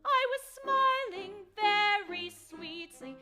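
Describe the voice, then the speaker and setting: A woman's voice: very high-pitched, lively intonation, takes it slowly, over loud music, exaggerated voice. A woman singer playing a domineering middle-aged duchess in a staged operetta, with tart dialogue and sweeping operatic singing. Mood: triumphant. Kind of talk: staged operetta, spoken and sung. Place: theatre stage, live performance.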